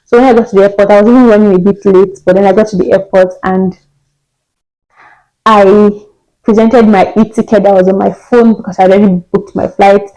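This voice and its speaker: A woman's voice: mid-range voice, a little fast, poor audio. A young woman from Nigeria telling a personal story in a casual vlog, acting out the dialogue with laughs along the way. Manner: animated, acts out quoted dialogue with laughs. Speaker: vlogger.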